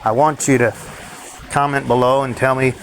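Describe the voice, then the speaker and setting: A man rants to his viewers in a bitter, worn-out way, cursing often and laughing dryly between complaints. His voice sits at an ordinary middle pitch. A steady noise runs behind him, with passing vehicles. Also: normal speed. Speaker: vlogger. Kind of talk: ranting monologue to viewers.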